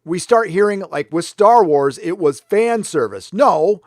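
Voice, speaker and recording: A ranting American man hosts a casual commentary livestream, blunt and quick to swear. His voice sits a touch higher than most men's. The sound is dry and close, with no room echo. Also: expressive, a little mellow. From United States. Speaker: livestream host. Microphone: headphones on while talking into a desk mic.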